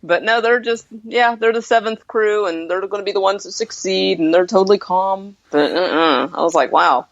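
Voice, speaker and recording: A woman's voice: medium pitch, normal speed, few pauses, dry recording. Blunt, sarcastic woman on a dull, dry mic. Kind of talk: casual movie review chat.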